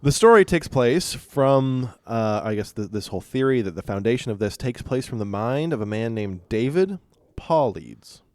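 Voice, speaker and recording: A man hosting a podcast, chatting casually and walking through a story with halting restarts and fillers. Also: medium pitch, animated, no room sound, clean studio sound. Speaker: podcast host presenting stories. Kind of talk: casual chat and story rundown.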